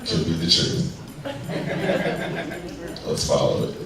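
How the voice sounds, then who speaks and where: A man from Colorado performing a loose stand-up comedy set, acting out characters as he tells stories. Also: slow. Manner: loose, storytelling with acted-out characters. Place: live venue with audience. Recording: roomy, distant live recording, faint noise.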